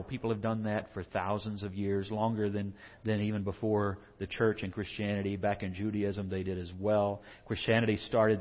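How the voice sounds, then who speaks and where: A man delivers a sermon, at times acting out quoted prayers loudly and at times dropping to a hushed, intimate tone. His voice carries a long reverb, as if recorded in a large hall, and the sound is somewhat dull. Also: on the low side. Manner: acts out quoted prayers loudly, then drops to a quiet, hushed tone. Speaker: pastor.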